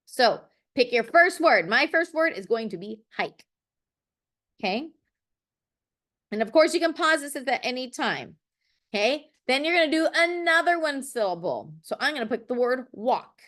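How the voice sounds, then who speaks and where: A woman's voice: high voice, a bit bright. A middle-aged woman teaching a poetry lesson. She thinks aloud while she writes and keeps checking in with "okay.". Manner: encouraging, checks in with frequent okays. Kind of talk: classroom-style poetry lesson.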